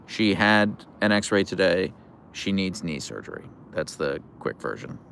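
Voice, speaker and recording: A tired, relaxed man hosting a casual livestream, rambling with fillers as he answers viewer comments. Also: low-pitched, measured pace, creaky, a little hiss or hum. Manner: relaxed, rambling, with fillers, soft coos to the dogs. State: tired, yawning. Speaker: livestream host with pet huskies.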